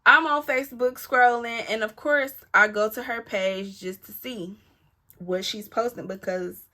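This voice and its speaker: A woman vlogger telling a personal story to camera in an animated, emphatic, candid way, often talking straight to her listeners. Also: a little high, measured pace. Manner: candid and profane, talks back to her rival.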